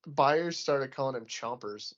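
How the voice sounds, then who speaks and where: A man's voice: mid-range voice, unhurried, muffled recording. Laid-back swearing man on a podcast. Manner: laid-back, swears freely, laughs often. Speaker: podcast co-host. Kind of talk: casual podcast banter.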